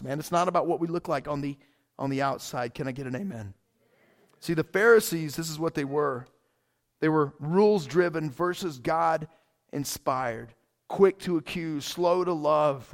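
A male pastor preaching in a casual, conversational way, often saying "man" and "like" and restarting phrases, moving between loud emphatic bursts and quiet asides. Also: a little high. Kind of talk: casual sermon.

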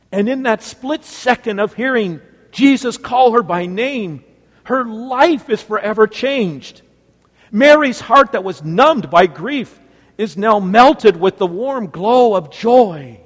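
A male preacher telling a story in a sermon, swinging between loud exclamations and hushed, near-whispered lines. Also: sits high, big-room sound.

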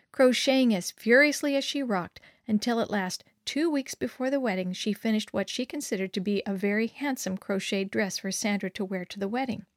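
A woman reading a story aloud in scripted narration, measured and expressive. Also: mid-range voice, dry recording, clean studio sound.

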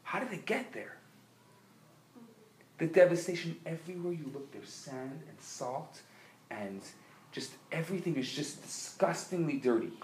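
Man, rabbi lecturing live, impassioned, higher voice, echoey room. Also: animated, measured pace, a little hiss or hum. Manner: impassioned, rising to loud emphatic peaks. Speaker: rabbi teaching a class.

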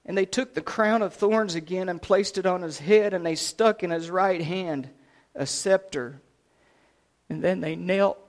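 A man preaching a sermon, retelling a scripture story dramatically, swinging from loud declarations to hushed lines. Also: a little high.

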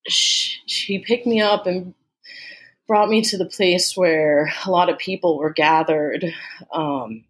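Woman guest from Austin; candid, halting storyteller with lots of fillers, close to tears at times. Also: on the low side, huge pitch swings. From Austin, Texas. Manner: candid, halting, many "like" and "you know" fillers. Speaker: guest sharing a personal story. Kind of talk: emotional personal storytelling.

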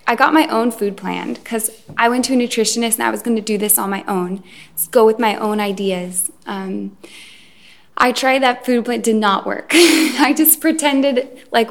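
Woman telling her recovery story at a meeting, bit gravelly, lots of ums and restarts. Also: on the high side. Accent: Irish. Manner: hesitant, many ums and restarts. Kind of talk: personal testimony at a meeting. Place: event room. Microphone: recorded.

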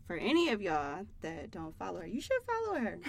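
A woman co-hosting a casual motherhood podcast, animated and playful. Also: medium pitch, brisk, vocal fry, a little hiss or hum. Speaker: podcast co-host. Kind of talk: casual chat.

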